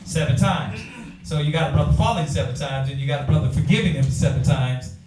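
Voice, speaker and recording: Black guy preaching a bible class, bit high voice, really echoey hall, mic far off. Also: fairly quick, a little hiss or hum. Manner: animated, talks to the room, acts out quoted voices. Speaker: class teacher. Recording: echoey room from afar.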